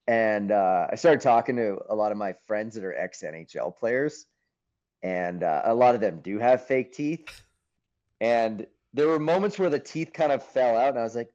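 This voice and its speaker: A man being interviewed as an actor, telling stories in a lively, casual way, acting out his own thoughts and swearing now and then. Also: lowish voice, moderate pace. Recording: muffled, dull sound.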